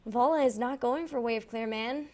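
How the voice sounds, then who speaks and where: A woman casting an esports match, introducing the players and calling the action in brisk, upbeat play-by-play. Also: on the high side, darkish tone. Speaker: esports caster. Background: faint game music.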